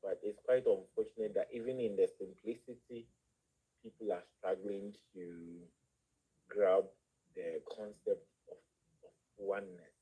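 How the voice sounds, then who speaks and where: Halting man with an African accent. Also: fairly low pitch, fairly even intonation, warm tone, slightly rough, poor audio. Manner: halting, repeats words while searching for phrasing. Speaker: guest. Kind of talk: spiritual discussion on a live show.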